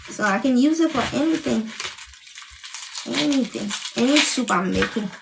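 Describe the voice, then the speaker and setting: Woman from Liberia hosting a casual home cooking vlog, fairly high voice, teary and sighing over onions, kitchen clatter behind. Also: expressive, normal speed, gravelly, distant mic, noisy background. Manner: chatty, greets live viewers while chopping. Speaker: cooking channel host.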